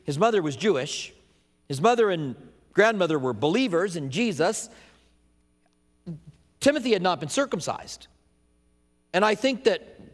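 A man's voice: high-pitched, in a large hall. A man preaching a sermon as pastor, with an emphatic, repetitive cadence.

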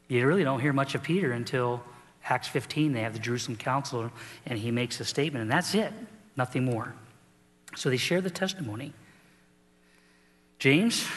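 A man's voice: mid-range voice, fairly bright tone, long reverb tail. A middle-aged man preaching a sermon as pastor, telling the story with animation and acting out the people in it.

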